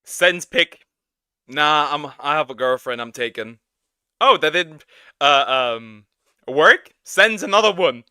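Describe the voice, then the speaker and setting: A man streaming as a VTuber, reacting live with loud laughter and shocked exclamations. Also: a little high, lively intonation, slow pace, smooth, dry recording.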